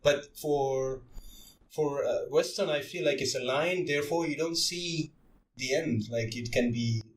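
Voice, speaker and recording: A man's voice: mid-range voice, a little slow. Rambling man hosting a podcast. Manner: rambling, many fillers and restarts. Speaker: podcast host. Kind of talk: casual chat. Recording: roomy, slightly distant mic, faint ambience.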